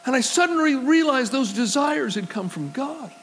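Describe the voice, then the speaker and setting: A man's voice: very high-pitched, animated, normal speed, fairly bright tone, slight background noise, poor audio. A male pastor preaching a sermon, telling stories and acting out the voices of the people in them, building to emphatic preaching. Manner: storytelling, acts out quoted voices, swells to emphatic preaching.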